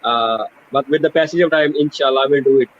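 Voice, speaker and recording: A man's voice: mid-range voice, fast talker. Guy from pakistan, english student, stumbles and restarts a lot, muffled lo-fi call audio. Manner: hesitant, repeats and restarts. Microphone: video call.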